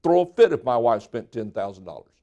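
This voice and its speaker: A man's voice: mid-range voice, very animated, fairly quick, mellow, lo-fi sound. A middle-aged male pastor preaching a folksy sermon, joking and acting out what people say.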